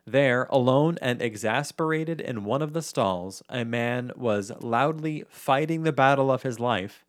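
A man's voice: medium pitch, unhurried, hardly any pauses, no room sound, clean studio sound. A man co-hosting a casual chat show, reading stories with easy amusement and frequent laughter. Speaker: podcast co-host.

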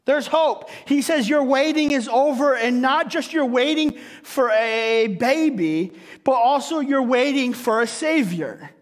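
A male pastor with a strikingly high-pitched voice delivers a casual, playful sermon. He keeps checking in with the congregation with a quick "right?" and acts out the scripture scenes he retells. His voice carries a long reverb from a large sanctuary. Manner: conversational, punctuates nearly every sentence with "right?".

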